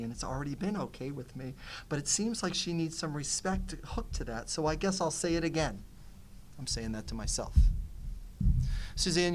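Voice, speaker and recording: With a fairly high-pitched voice and a bit of background noise, a middle-aged man teaching nonviolent communication tells a personal story on a panel. He animatedly acts out the conversation from both sides.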